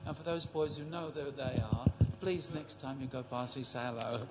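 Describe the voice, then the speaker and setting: An older man telling a story in a group class, halting and repeating words as he speaks. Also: mid-range voice, heavy background noise. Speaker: class attendee.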